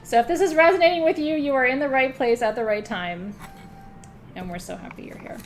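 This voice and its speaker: Here the host of the online spiritual ceremony, a middle-aged woman, talks briskly in a high-pitched voice over slight background noise. She chats casually, cracks self-mocking jokes, swears lightly and laughs often.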